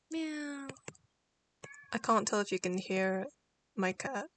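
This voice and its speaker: A woman's voice: medium pitch, a bit bright. A woman streaming from her bedroom, chatting casually while she draws, musing aloud and doubting her own work in half-finished sentences. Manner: musing, self-critical, trailing off.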